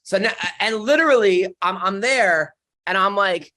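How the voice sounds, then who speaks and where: A man's voice: high-pitched, moderate pace, sharp tone. A man telling stories on a comedy podcast, casual chat, rambling with lots of fillers and restarts.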